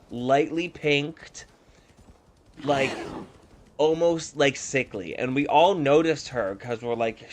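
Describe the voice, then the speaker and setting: A young man chats to his stream while gaming, spinning stories with a campy, animated flair and plenty of swearing. His voice sits at an ordinary middle pitch and moves freely between hushed asides and bursts of volume. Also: slight background noise. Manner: animated, campy, profane storyteller. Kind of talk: casual storytelling while gaming.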